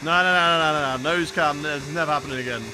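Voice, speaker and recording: Over a noisy background, a fast-talking man with a slightly high voice and a southern English accent streams a racing game. The southern England gaming streamer is energetic and jokey, chatting away to his viewers as he plays live.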